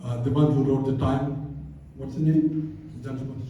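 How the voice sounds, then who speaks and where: A man's voice: medium pitch, level tone, far from the mic, dull audio, a little hiss or hum. Older man lecturing in an echoey hall. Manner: storytelling, unhurried and reflective. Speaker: speaker. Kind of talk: talk to a live audience.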